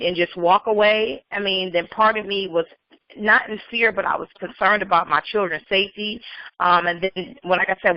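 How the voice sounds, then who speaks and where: A police officer appears as a guest in a remote interview, speaking earnestly, emotionally and plainly. Her voice is medium in pitch, and the call audio is muffled and dry.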